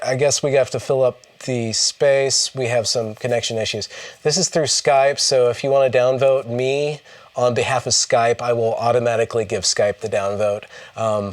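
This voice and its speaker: A man's voice: mid-range voice, no echo, far from the mic. Casual male livestream host, a bit off-mic. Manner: conversational, stammering restarts.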